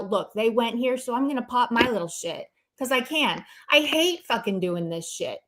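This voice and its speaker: A woman's voice: on the high side, normal speed, few pauses, fairly bright tone. A young woman on a livestream, delivering a heated, sarcastic rant full of swearing and mock apologies.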